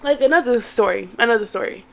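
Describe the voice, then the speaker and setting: A young woman telling a story in a casual vlog, animated and cursing, talking to viewers as y'all. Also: fairly high pitch, quick pace, vocal fry. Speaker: vlogger.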